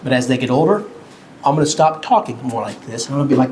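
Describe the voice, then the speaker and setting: A man teaching a Bible lesson to children at home, talking slowly and simply, a bit cartoonish, and asking the kids questions. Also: medium pitch, darkish tone, a little hiss or hum, poor audio.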